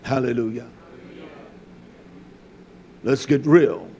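An older man preaching a sermon in a fiery, scolding way, swinging from loud outbursts to low, quiet stretches. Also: lively intonation, slow, vocal fry, a little hiss or hum.

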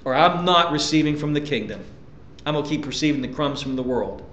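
A man's voice: on the high side, lively intonation, fairly quick, fairly bright tone, reverberant, lo-fi sound, slight background noise. A male pastor preaching a sermon with emphasis, asking the congregation rhetorical questions.

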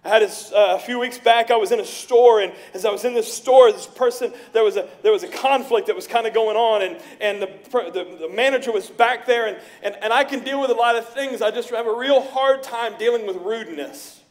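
A middle-aged man preaching a sermon as pastor, telling stories with lively voices for the people he quotes. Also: extremely high pitch, brisk, hardly any pauses. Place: church sanctuary.

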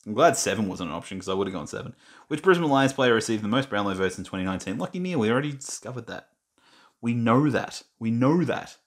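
He's a young Australian gaming vlogger, medium-pitched, expressive and fast-talking. While reading quiz questions aloud in casual screen-recorded commentary, he chats, mutters and pokes fun at himself.

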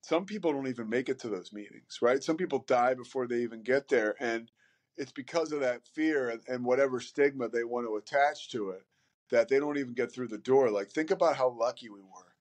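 A man's voice: mid-range voice, a little fast. A man speaking as a podcast guest in casual conversation, candid and rambling, with many fillers and some swearing.

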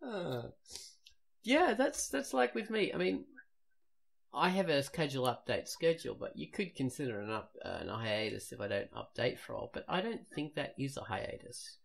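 A man's voice: medium pitch, big pitch swings, normal speed, gravelly. A man hosting a podcast in casual chat, rambling and trailing off with a self-deprecating tone. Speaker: podcast host.

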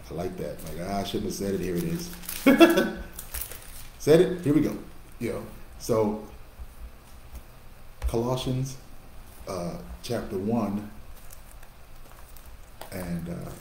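A man preaching a Bible-teaching sermon, animated, swinging between loud exhortation and quiet asides. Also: mid-range voice, roomy sound, slight background noise, low-quality recording. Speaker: pastor.

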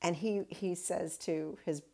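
A woman's voice: fairly low pitch, steady tone, a little slow, vocal fry, warm tone. A woman pastor giving a casual daily Bible reflection, retelling the story in a chatty way with wry asides.

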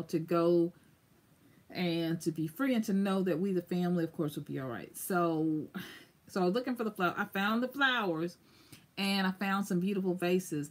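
A chatty woman hosts a relaxed live stream, telling a rambling story full of ums and asides. Her pitch sits in an ordinary middle range for a woman, and she breaks off now and then to greet viewers by name. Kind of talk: casual live stream chat.

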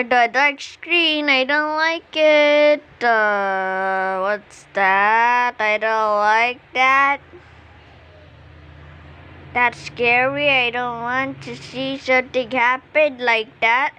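A woman giving casual commentary on her own gameplay, exclaiming excitedly at whatever happens on screen. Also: a little high, very slow, smooth. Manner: excitable, exclaiming at the game as she plays. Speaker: gamer streaming her own play.

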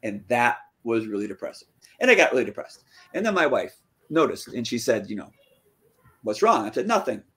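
A man, a fantasy author, casually telling the story of his writing career in an interview, acting out quoted dialogue with lively jumps in pitch. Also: a little fast.

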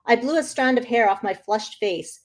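An author, a woman, reading her own novel aloud in an expressive first-person narration. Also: on the high side, normal speed.

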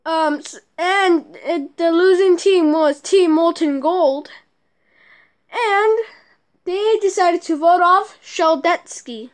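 A woman casually narrating a game role-play series, halting with restarts. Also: very high-pitched.

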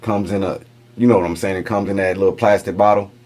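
A man's voice: sits low, fairly even intonation, quick pace, a little mellow. A middle-aged man hosting a reaction video, talking casually, repeating lines back to himself and chuckling as he muses over them.

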